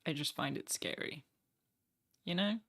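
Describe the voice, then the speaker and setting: Young woman streamer, bright crisp tone, self-mocking and chatty, fast asides. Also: low voice. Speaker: streamer reacting to a broadcast. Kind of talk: casual live-stream chat.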